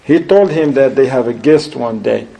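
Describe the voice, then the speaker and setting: A man giving an Islamic lecture in a storytelling style, animated and laughing often, mixing Arabic religious phrases into his talk. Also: mid-range voice, moderate pace, gravelly, poor audio. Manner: animated, acts out quoted voices, laughs often.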